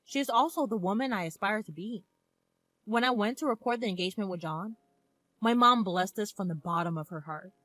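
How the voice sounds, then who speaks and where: A woman in her twenties narrating a first-person story in a calm, reflective manner. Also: medium pitch, fairly quick, no echo. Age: 20s.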